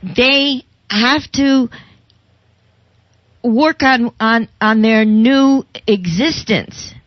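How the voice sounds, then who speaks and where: A woman's voice: on the high side, drawn-out words, no room sound, lo-fi sound. Chatty woman radio host. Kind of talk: radio interview.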